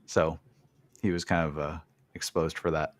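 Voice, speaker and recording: With a flat bass voice at a moderate pace, a man goes over a wrestling match on his podcast. His talk is casual and blunt, and he swears freely.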